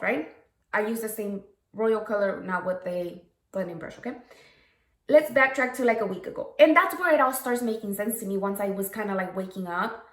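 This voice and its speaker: A woman's voice: on the high side, expressive, normal speed, a bit bright. A woman telling a story while doing a makeup tutorial, frank and profane, often checking in with "okay?" and "right?". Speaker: makeup vlogger. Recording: echoey room.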